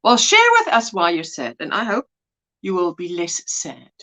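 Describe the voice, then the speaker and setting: A woman's voice: on the low side, lively intonation, normal speed, fairly bright tone. A woman hosting a casual livestream, greeting viewers by name with pet names and laughing often. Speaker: livestream host. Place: indoors at home.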